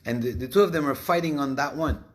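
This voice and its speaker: Male teacher, mid pitch, halting delivery, restarts often mid-sentence. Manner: halting, many restarts, switches between languages. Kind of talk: religious class talk.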